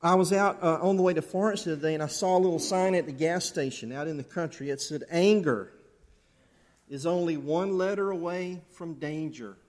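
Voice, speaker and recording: A man preaching a sermon to his church, animated, acting out angry outbursts along the way. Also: fairly high pitch, fairly quick. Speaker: pastor. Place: church sanctuary.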